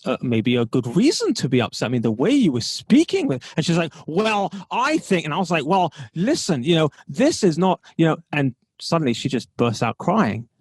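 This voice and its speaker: Animated male entrepreneur telling a story. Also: mid-range voice. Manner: animated, acts out quoted dialogue, laughs often. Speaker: podcast guest, entrepreneur. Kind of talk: storytelling in a casual interview.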